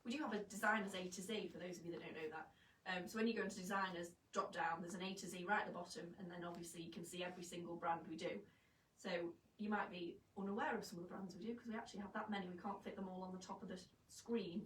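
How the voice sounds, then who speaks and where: A chatty woman hosts a live fashion vlog from a shop studio, joking and poking fun at herself as she shows off clothes. Her voice sits at a middle pitch. It is picked up from a distance in a roomy space, with a faint hum underneath. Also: a bit bright. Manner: chatty, jokey and self-mocking.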